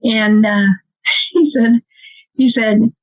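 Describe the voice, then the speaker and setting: A woman's voice: on the high side, drawn-out words. Middle-aged Midwestern American woman telling a story over a tinny line. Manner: animated storyteller, laughing through her story. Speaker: nonprofit co-founder; guest. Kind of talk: emotional storytelling. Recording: tinny phone-like call audio.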